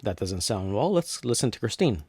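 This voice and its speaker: A man from North America casually walking through a software tutorial step by step, with frequent restarts. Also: on the low side, very animated, normal speed, husky. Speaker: tutorial host. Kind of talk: screen-recorded software tutorial.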